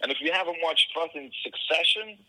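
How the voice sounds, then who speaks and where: A man's voice: a little high, brisk, sharp tone, rough recording. A man talking as a guest in a casual conversation, swearing often and arguing emphatically. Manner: profane, emphatic ranting.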